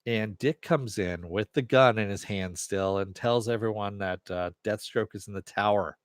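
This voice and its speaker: A man's voice: on the low side, moderate pace, dry recording, clean studio sound. A man hosting a casual TV recap and review, chatty with sarcastic asides and the odd swear. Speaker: TV review host.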